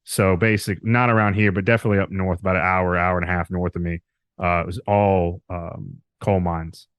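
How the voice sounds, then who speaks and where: A man's voice: low-pitched, little pitch movement, fairly quick, smooth, no echo. A man from Alabama, a podcast guest chatting casually, rambling with frequent laughs and loose swearing. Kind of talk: casual interview chat.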